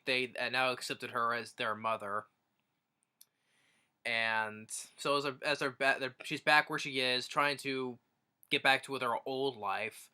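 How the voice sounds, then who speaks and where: A man's voice: medium pitch, pushed and bright, smooth. A man casually retelling a movie's plot as a reviewer, rambling with many restarts. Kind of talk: casual film review recap.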